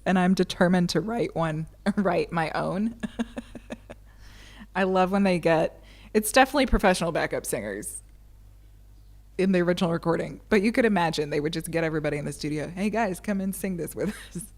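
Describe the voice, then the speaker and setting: A woman's voice: fairly low pitch, brisk. A woman teaching ukulele who sings along to her own playing and chats casually, with frequent giggles. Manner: giggly, chatty. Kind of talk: singing along with ukulele, then casual chat.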